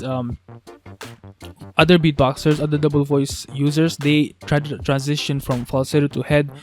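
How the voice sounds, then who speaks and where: Male beatbox tutor, casual, halting delivery with frequent restarts, mid-pitched voice, faint music underneath. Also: darkish tone. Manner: halting, restarts, thinks aloud. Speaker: beatbox teacher.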